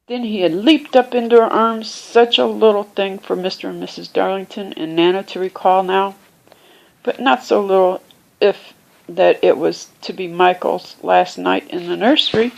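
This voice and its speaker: A woman reading a children's classic aloud, unhurried, lifting her voice for the characters and pausing now and then to find her place or explain a word. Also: mid-range voice, steady tone, gravelly, low-quality recording. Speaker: reader. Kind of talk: amateur audiobook reading.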